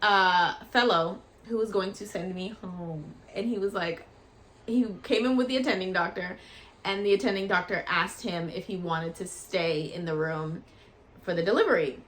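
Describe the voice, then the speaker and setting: A woman vlogger casually telling a personal story in a chatty, animated way, acting out what people said. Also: fairly low pitch, moderate pace, a little hiss or hum. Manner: chatty and animated, acts out quoted voices.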